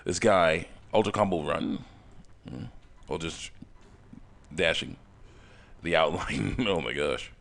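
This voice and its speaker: A man with a very low voice rambles through a story from work, starting sentences over and laughing softly as he goes. He breaks into quick voices for the people in it, then drops back into easy chat. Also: lively intonation, gravelly. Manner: rambling, many restarts and chuckles, acts out quoted voices. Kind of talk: casual storytelling while working on a game mod.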